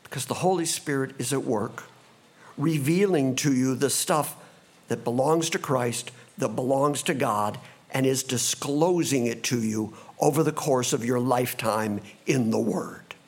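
A man preaching a sermon as a pastor, animated and expressive, sometimes acting out confused voices from the passage. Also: mid-range voice, measured pace, breathy edge.

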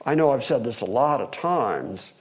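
A man's voice: mid-range voice, big pitch swings, moderate pace. A man teaching verse by verse through a psalm, earnest and expository, pressing points with emphatic rising questions. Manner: wry aside about holding the microphone. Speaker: Bible teacher. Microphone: microphone.

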